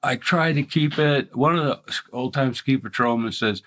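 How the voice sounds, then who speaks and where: A man's voice: mid-range voice, moderate pace, hardly any pauses, fairly bright tone. An older man from Mississippi with a faint Southern accent, a ski photographer telling stories in a casual interview, rambling and restarting often.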